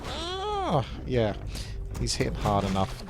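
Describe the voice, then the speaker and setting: A man's voice: lowish voice, normal speed, noisy background. Easygoing man commentating a game. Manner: chatty, easygoing, thinking aloud. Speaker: gameplay commentator.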